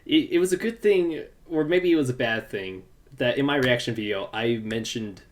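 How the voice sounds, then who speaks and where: A man hosting a casual podcast chat. He speaks haltingly and acts out quotes with sudden excited jumps in pitch. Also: a little hiss or hum. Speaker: podcast host and video reactor.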